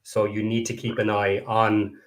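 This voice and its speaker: A man's voice: lowish voice, completely flat delivery, normal speed. A man on a podcast panel explaining things in a plain, matter-of-fact way. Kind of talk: casual podcast chat.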